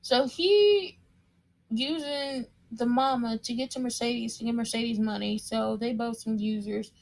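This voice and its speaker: Gravelly-voiced woman recapping a show. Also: a little high, a little slow, a little mellow. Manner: emphatic, repeats words for stress; opinionated, chatty. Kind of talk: casual episode recap.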